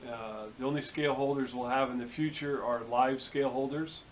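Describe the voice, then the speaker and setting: A man's voice: mid-range voice, fairly even intonation, a little fast, slight background noise, low-quality recording. A man hosting a casual workshop vlog, talking in an easygoing, rambling way with many fillers. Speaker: workshop video host. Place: home workshop.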